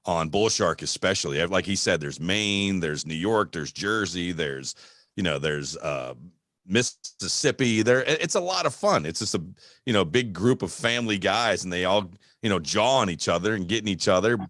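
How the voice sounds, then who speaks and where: A man who narrates audiobooks, talking casually as a guest with halting restarts. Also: low-pitched, animated, fairly bright tone, no room sound, studio quality. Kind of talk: casual chat.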